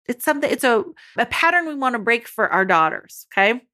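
Encouraging coach woman, higher voice. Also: sing-song, brisk, bright, forceful tone. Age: adult mother. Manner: encouraging, speaks directly to listeners as mamas. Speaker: parenting coach for mothers. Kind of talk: motivational podcast coaching talk.

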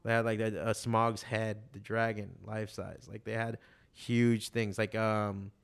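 A man in casual conversation, telling animated stories with a lot of swearing and acting out what other people said. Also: fairly low pitch, a little slow, gravelly, clean tone. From Miami, USA. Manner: animated storytelling, heavy swearing, quotes others in voices. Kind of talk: casual chat.

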